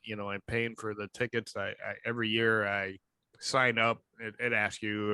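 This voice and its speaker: Bright-voiced man teasing in banter. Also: lowish voice, fairly even intonation, moderate pace, clean tone, no room sound. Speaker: podcast host. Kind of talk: casual chat.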